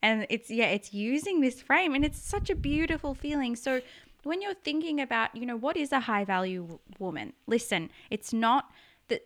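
A woman's voice: on the high side, lively intonation, moderate pace, a bit bright. A woman hosting a podcast interview, earnest and speaking straight to her listeners. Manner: earnest, addresses listeners directly. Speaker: podcast host. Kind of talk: casual conversational interview.

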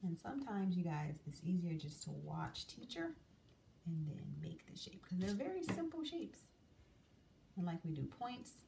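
A woman's voice: on the low side, big pitch swings, moderate pace, vocal fry, dark tone. A woman teaching young children a drawing lesson, coaxing and sing-song as she draws and asks them questions. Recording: distant mic, faint room noise.

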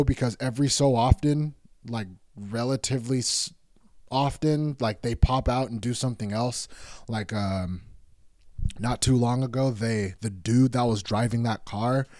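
A man's voice: medium pitch, a little mellow, no room sound, clean studio sound. A man telling a rambling, heated story in casual speech, swearing often.

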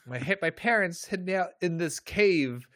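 A man's voice: high voice, lively intonation, normal speed, fairly bright tone, dry recording, studio quality. A man co-hosting a podcast who mocks a TV episode with sarcastic jokes in a casual chat. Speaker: podcast co-host.

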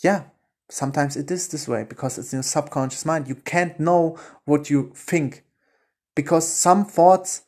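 German guy doing a solo motivation podcast, mellow warm voice, excited, swears a lot, gets quiet and dreamy. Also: a little high, normal speed. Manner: enthusiastic, swears casually, drops to a hushed voice while visualizing. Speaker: podcast host. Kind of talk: motivational monologue with guided visualization.

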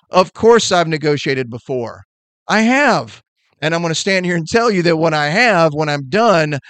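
A middle-aged man hosting a sales podcast, giving an energetic motivational talk in a fast, emphatic and blunt way. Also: a little high, no room sound.

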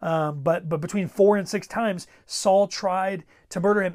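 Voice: medium pitch, measured pace, hardly any pauses, a little mellow. A pastor preaching a sermon in a conversational way, repeating words and pressing urgent exhortations.

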